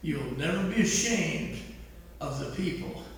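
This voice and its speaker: A man's voice: fairly high pitch, expressive, normal speed, a little hiss or hum, close to an everyday voice. A man speaking as his earnest older mother, in an echoey hall from a distant mic.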